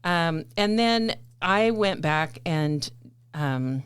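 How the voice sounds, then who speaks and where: An American woman with a low voice hosts a casual podcast chat. She rambles a little and leans on fillers as she talks. The sound is close and dry. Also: lively intonation, extremely slow, clean tone, no echo. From United States. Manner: chatty, rambling with many fillers. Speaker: podcast host.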